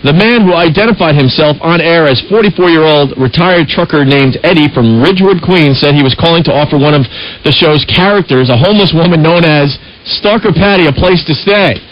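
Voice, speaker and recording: A man's voice: a little high, fairly quick, highs cut off. A male radio talk show host bantering with his co-host and reading a news article aloud with his own asides.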